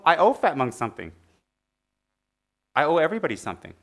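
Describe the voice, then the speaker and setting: A man's voice: a little high, fast talker, long pauses. Playful Buddhist teacher, man. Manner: playful, teasing, swings from loud animated jokes to soft earnest teaching. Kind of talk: Dharma talk.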